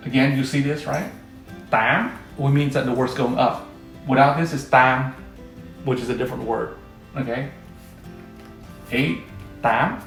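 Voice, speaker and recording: A man giving a casual, patient language lesson, often checking in with the listener as he explains. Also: mid-range voice. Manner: patient, often checks in with "all right?" and "okay?". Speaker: language teacher. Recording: echoey room.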